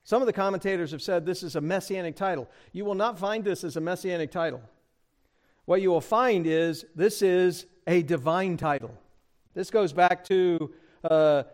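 A man preaching an expository sermon, addressing the congregation directly and rising in pitch and volume for emphasis. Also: a little mellow. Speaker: pastor.

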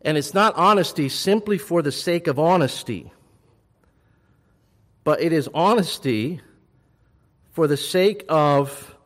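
Male pastor preaching, slightly high voice, urgent then hushed, long hall reverb. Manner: swings from loud urgent appeals to soft hushed reassurance. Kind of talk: sermon.

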